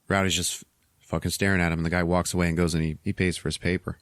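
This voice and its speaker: Lowish-voiced man recapping a movie. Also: racing, dry recording, clean studio sound. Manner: animated retelling, profane, laughs often. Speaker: podcast host. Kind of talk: casual movie recap chat.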